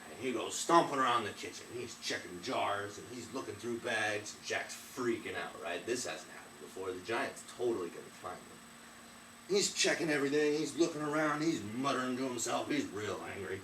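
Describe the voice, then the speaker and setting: A man's voice: mid-range voice, animated, normal speed, fairly bright tone, far from the mic, slight background noise. A man in his twenties casually and animatedly retelling a folk tale, chatty in tone. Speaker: storyteller. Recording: roomy, off-mic, faint ambience.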